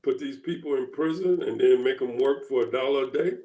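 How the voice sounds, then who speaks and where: A man co-hosting a casual political chat. He thinks aloud in a halting way, with many pauses and restarts. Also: mid-range voice, dark tone, reverberant, rough recording. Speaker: co-host.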